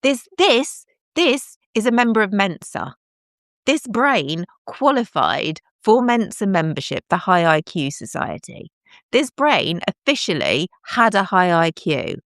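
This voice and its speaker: A woman's voice: medium pitch, big pitch swings, a little slow, no echo, studio quality. A middle-aged woman, chatting in a bubbly, self-deprecating way to commenters on her live stream. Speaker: livestream host.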